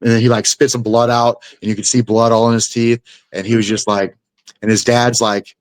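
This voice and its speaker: A man's voice: medium pitch, flat delivery, brisk, no room sound. A young man, a guest fighter, telling a fight story in casual chat. He swears freely and acts out the blows with sound effects.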